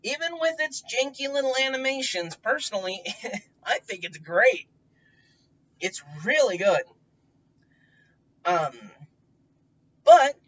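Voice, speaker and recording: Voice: medium pitch, fairly bright tone. A tabletop game player casually giving advice in a rambling way, full of fillers, restarts and the odd swear word. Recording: dull distant recording.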